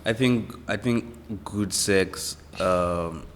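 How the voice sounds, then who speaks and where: A man, a podcast guest speaking slowly and reflectively with many fillers. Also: sits low, long reverb tail. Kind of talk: casual podcast chat.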